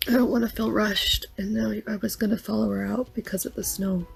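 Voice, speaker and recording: A woman's voice: medium pitch, fairly even intonation, brisk, vocal fry, breathy edge, faint music behind. A woman leaving a rambling, heartfelt voice message for a relative. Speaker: vlogger.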